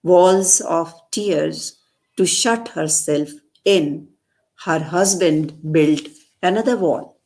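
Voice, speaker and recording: A woman reciting a poem and explaining it, repeating lines slowly for emphasis. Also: fairly low pitch, a little mellow. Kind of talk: poetry recitation with commentary.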